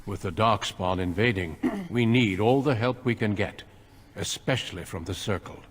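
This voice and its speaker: An actor playing a serious veteran warrior recruiter in a video game, speaking in an earnest, measured, solemn way. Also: male voice, on the low side, lively intonation. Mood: grave.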